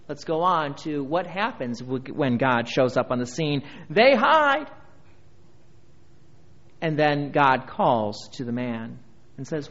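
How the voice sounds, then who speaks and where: High-voiced pastor preaching, lo-fi. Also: male voice, a bit bright. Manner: preaching with rising emphasis and scripture reading. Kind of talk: sermon.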